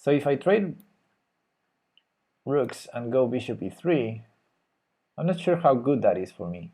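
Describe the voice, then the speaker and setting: Chess streamer guy muttering through his moves, husky mellow voice, swoops up when surprised, clicks in the background. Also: expressive, unhurried. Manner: thinking aloud about moves, pitch jumps when surprised. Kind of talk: live chess commentary.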